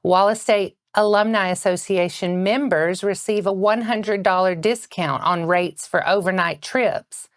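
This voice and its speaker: A woman's voice: mid-range voice, dry recording. Woman reading local news, dry sound. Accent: Southern American. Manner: steady, measured delivery. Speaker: news anchor. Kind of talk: read local news bulletin.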